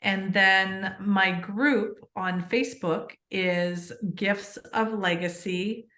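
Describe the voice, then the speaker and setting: Female podcast guest, earnest storyteller, mid pitch, echoey room sound. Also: extremely slow. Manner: earnest, animated storytelling with many fillers. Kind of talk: casual interview chat.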